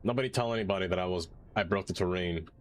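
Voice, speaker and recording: A man streams a city-building game, chatting casually and joking to himself as he plays. He has a deep voice and talks fast, with a little hiss or hum in the audio.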